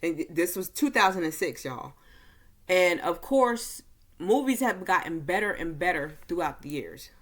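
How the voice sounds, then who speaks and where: A woman giving a casual movie recap and review, talking slowly and easily, with frequent fillers. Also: lowish voice, lively intonation. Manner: slow, easygoing delivery with many fillers.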